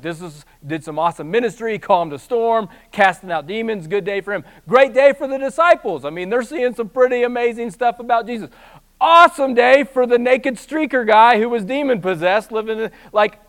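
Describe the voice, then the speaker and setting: A man preaching a sermon, swinging between hushed, slow passages and loud, fast bursts, with humorous asides. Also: extremely high pitch. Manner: animated storytelling with humorous asides. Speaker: pastor.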